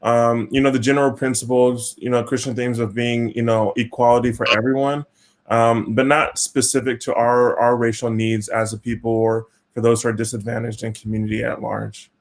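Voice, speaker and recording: A man's voice: mid-range voice, little pitch movement, a little fast. Reflective young man on a panel. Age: young adult. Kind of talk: panel discussion answer.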